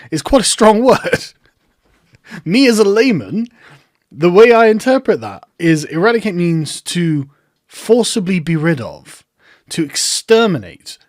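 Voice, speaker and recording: An online commentator speaks close to the mic in a high-pitched voice with no room sound. He is sarcastic, mocking and incredulous, breaking into laughter.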